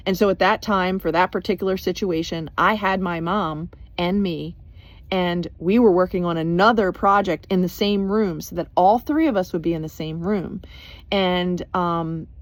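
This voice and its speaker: A woman's voice: on the low side, dry recording. Emphatic woman life coach, dry sound. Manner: emphatic, repetitive, addressing viewers with "okay?". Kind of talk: faith-based personal storytelling.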